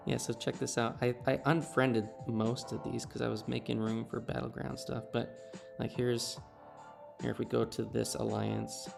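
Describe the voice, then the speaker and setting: A man's voice: medium pitch, level tone, a little slow, gravelly, pauses often, over music. A man in his thirties chatting casually on a game live stream, telling a story and laughing at himself. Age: 30s.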